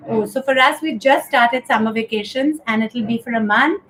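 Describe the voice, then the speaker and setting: A woman hosts a live stream from home in a slightly high voice. She chats casually and fills her talk with "you know" and "um." A faint hum of room noise sits behind her. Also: moderate pace, a bit bright, low-quality recording. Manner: chatty, lots of "you know" and "um". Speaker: host of a live talk show. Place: home during lockdown.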